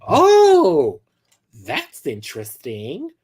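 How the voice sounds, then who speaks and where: A man mimicking a flustered, clueless woman cashier in a casual retelling, flat and puzzled. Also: fairly high pitch, extremely slow, slightly rough, full character voice.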